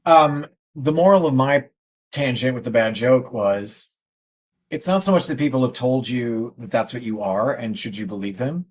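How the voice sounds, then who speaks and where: Male tarot co-host, casual and rambling, self-deprecating, mid pitch. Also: lively intonation, normal speed. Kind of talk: casual chat on live stream.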